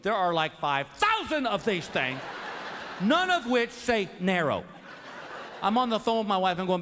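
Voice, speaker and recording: A middle-aged man doing stand-up comedy, telling stories in an animated, exasperated way and slipping into put-on voices. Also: high voice, unhurried. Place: comedy stage before a live audience. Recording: live show with loud crowd noise.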